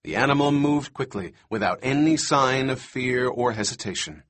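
A man narrating a novel in a steady, even storytelling voice. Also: mid-range voice, normal speed. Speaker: audiobook narrator. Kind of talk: scripted narration.

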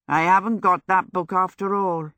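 A woman's voice: on the low side, steady tone, normal speed, a bit bright, no echo, lightly acted. A vain, theatrical young male wizard , as a woman narrator reads him, full of dramatic exasperation in a storybook reading. The voice sounds close and dry. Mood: exasperated.

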